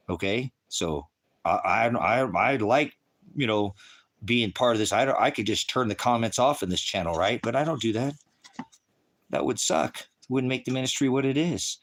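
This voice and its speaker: Man, online preacher, combative rant, insulting and swearing, rambling and repetitive, mid-pitched voice. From United States. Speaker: online preacher answering live chat.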